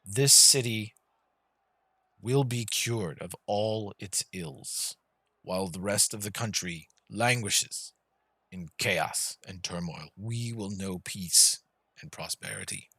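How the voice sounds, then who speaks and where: A man doing a smug, soft-spoken city ruler. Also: fairly low pitch, breathy edge, no echo, full character voice. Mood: calmly commanding. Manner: slow, measured, soft-spoken proclamations. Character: smug, smiling male city ruler addressing crowds.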